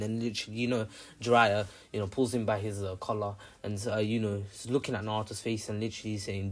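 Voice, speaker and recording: Young guy w a low voice rambling thru a fan story, says you know a lot, swears some. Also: flat delivery, fast talker. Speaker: channel narrator. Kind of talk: casual fan-fiction storytelling.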